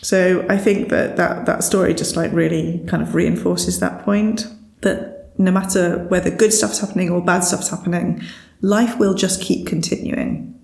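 A woman with a low, gravelly voice talks things over in a relaxed, thoughtful way, laughing easily between ideas. She recounts a story with animated quoted voices. The sound carries a noticeable room echo. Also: normal speed. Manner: thoughtful, laughs often, retells stories with lively quoted voices. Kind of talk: casual reflective chat.

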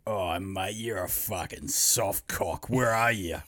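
A man putting on a gruff workmate who drawls taunting insults. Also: sits low, slow pace, a bit bright, no room sound, studio quality, pitched below the performer's own voice. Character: gruff mocking male coworker, older bloke.

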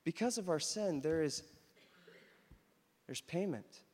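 A man preaching a sermon, telling a story with animated emphasis, then leading communion. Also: on the high side, slow, slightly rough. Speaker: pastor. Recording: long hall reverb.

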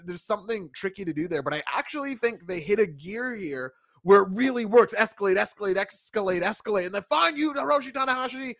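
Animated, emphatic man on a dry mic. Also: high voice, no echo. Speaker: podcast host reviewing wrestling. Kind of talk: casual chat.

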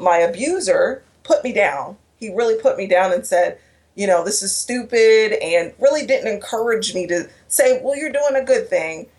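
A woman's voice: medium pitch, a little mellow. Earnest woman telling a personal story. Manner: earnest, emotional, with restarts and quoted dialogue. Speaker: guest speaker.

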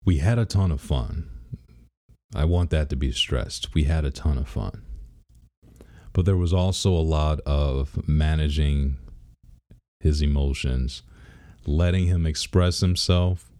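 A man's voice: very deep voice, mellow. A man in his thirties, a father, talking casually in a rambling, laid-back way and laughing now and then. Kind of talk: casual personal vlog.

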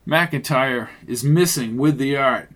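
A man narrating a mystery radio drama in a steady storytelling manner and voicing the detective. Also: medium pitch, takes it slowly.

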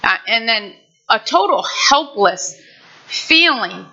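A woman's voice: fairly high pitch, big pitch swings, slow, bright, forceful tone. An older woman pastor giving a heartfelt, conversational sermon with many restarts. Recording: muffled lo-fi recording.

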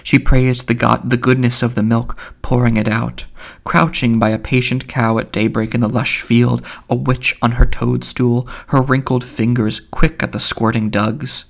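A man reading literary fiction aloud as an audiobook, in a measured way with small slips. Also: medium pitch, level tone, gravelly. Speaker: audiobook reader.

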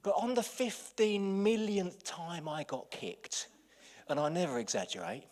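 A man, a pastor, preaching a lively sermon full of anecdotes, dropping to quiet asides and then rising to loud outbursts. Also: high voice, a little slow.

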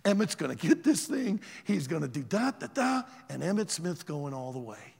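Animated man preaching in a big hall. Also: fairly high pitch, normal speed, vocal fry, husky. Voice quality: loud voice. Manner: animated storyteller, shouts quoted lines. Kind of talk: sermon with a story.

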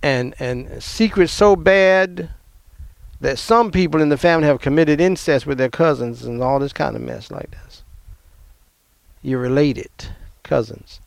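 A middle-aged man from the American South telling a personal family story in an emphatic, animated way. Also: fairly high pitch, a little slow, creaky, no echo.

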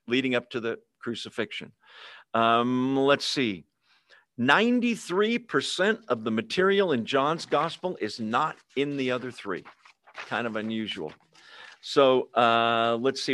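Male teacher, relaxed and chatty, mid-range voice, dry close sound over a video call. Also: medium pitch, no room sound. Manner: conversational, with fillers and humorous asides. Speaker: Bible study teacher. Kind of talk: casual Bible teaching. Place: online video meeting.

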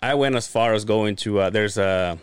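A man's voice: on the low side, moderate pace, clear, resonant tone, no room sound. A man hosting a podcast, telling stories in casual chat, swearing a lot and acting out what people said. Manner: storytelling with lots of profanity, restarts and acted-out quotes. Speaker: podcast host.

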